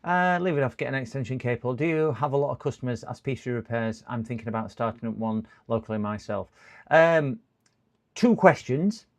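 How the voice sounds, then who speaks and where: This is a middle-aged man from the UK on a live repair stream, thinking out loud as he works. His voice is mid-pitched with a gravelly rasp. He chats loosely with viewers and mutters and groans to himself in between. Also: a little fast. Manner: chatty, mutters to himself, answers chat, exasperated outbursts. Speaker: livestreaming repair technician. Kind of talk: casual live-stream chat while working.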